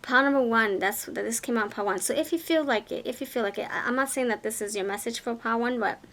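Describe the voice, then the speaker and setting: Woman, tarot reader, somewhat high voice, effusive, repeats herself, casual card reading. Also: quick pace, fairly bright tone. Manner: effusive, repeats words, exclaims often.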